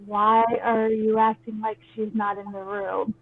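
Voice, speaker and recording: A woman in a casual group video chat, speaking earnestly and slowing down to make her point. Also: medium pitch, little pitch movement. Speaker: ex-Mormon video creator. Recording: tinny phone-like line.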